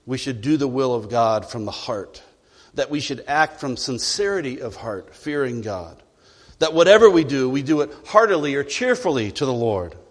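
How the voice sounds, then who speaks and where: A man's voice: a little high, long reverb tail. A male pastor preaching a sermon in a church, emphatic and full of rhetorical questions. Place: church sanctuary.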